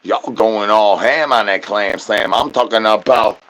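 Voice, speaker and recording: A man doing an absurd comedy rant to his chat, spilling rhyming nonsense patter with rapid stuttered repetitions. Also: fairly low pitch, fairly bright tone. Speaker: streamer.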